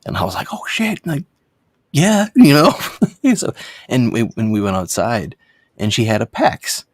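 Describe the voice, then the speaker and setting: A man co-hosting a casual chat about vapes, telling stories in quick, animated bursts with frequent restarts and swearing. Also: on the low side, no room sound, clean studio sound. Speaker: co-host of a cannabis vape review show.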